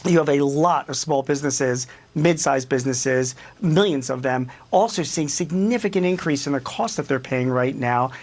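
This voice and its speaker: A man speaking as a business commentator and guest on a TV news interview, animated and emphatic, with many fillers. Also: medium pitch, moderate pace, few pauses.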